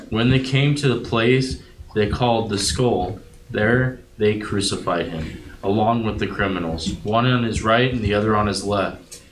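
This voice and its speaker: A man reading scripture aloud at a Bible study, then reflecting on it in an earnest, thoughtful way. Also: fairly low pitch. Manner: earnest and reflective, with some halting restarts. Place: room at a group Bible study. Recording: echoey room with loud background noise.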